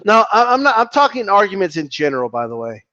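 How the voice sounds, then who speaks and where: A man giving casual commentary on a vlog, animated and profane, rambling and restarting his sentences. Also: high-pitched, quick pace, lo-fi sound. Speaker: boxing commentator.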